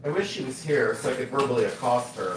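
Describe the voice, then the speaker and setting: A man hosting a live jewelry sale stream, chatting excitedly, joking and laughing with viewers. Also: mid-range voice, fast talker, background noise. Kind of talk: casual live-stream sales chat.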